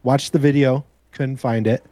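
A man's voice: mid-range voice, fairly even intonation, moderate pace, warm tone, no room sound. A man co-hosting a podcast, chatting in a laid-back way and swearing casually. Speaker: podcast co-host.

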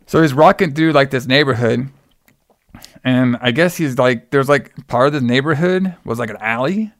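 A man's voice: medium pitch, moderate pace, no room sound. Rambling man recapping a film, dry sound. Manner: rambling, heavy on filler words. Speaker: podcast co-host.

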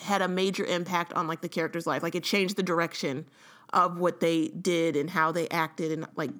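A podcast co-host in a casual book-club chat talks about a book in a lowish, fairly bright voice with fairly even intonation and a moderate pace. She's chatty, leans on "like" a lot, and laughs often.

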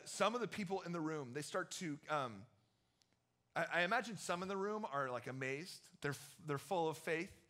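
Young man, youth pastor; high, bright tone; casual, chatty sermon delivery. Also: lively intonation, normal speed. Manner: chatty, storytelling, many fillers. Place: church.

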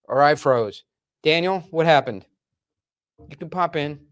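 Animated male podcast host. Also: fairly high pitch, measured pace, clear, resonant tone. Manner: animated storyteller, acts out quotes. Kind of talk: casual interview.

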